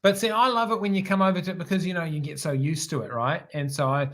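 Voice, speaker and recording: A man's voice: a little high, fairly even intonation, fast. A man from New Zealand with a New Zealand accent, an easygoing, joking guest chatting casually about his country. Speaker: guest, former pilot. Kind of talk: casual interview chat.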